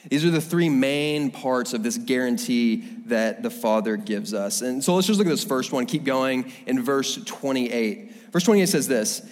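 A man preaching a sermon in a casual, animated storytelling way, often restarting his phrases. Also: mid-range voice, normal speed, hardly any pauses. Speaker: pastor. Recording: long hall reverb.

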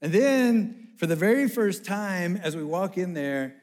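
A man delivers a sermon story in a slightly high voice. He tells it in an animated way and slips into the voices of the people in the story. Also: unhurried.

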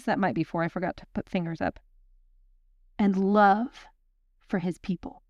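A woman's voice: fairly low pitch, steady tone, moderate pace, long pauses, darkish tone, dry recording, dull audio. A young woman teaching a Bible study, talking in a chatty, intense, self-deprecating way, then praying over the group. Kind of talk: sermon with closing prayer.

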